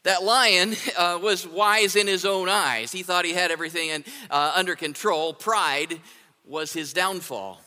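A man's voice: high-pitched, fairly even intonation, unhurried, pushed and bright. A man preaching a sermon in a conversational way, often asking "right?" to his listeners. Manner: conversational, asks rhetorical "right?". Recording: long hall reverb.

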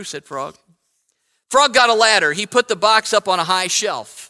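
A man's voice: high voice, animated, measured pace, pushed and bright. A man preaching a sermon as pastor, reading a children's story aloud and talking conversationally, often correcting himself and asking "right?". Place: church sanctuary. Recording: long hall reverb.

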